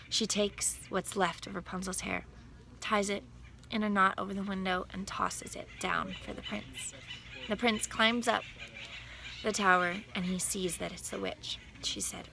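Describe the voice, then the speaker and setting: A woman casually retelling a fairy tale in a plain, unhurried way, correcting herself now and then. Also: mid-range voice, level tone, creaky, pushed and bright, a little hiss or hum. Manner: plain, unhurried telling with small self-corrections. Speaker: storyteller.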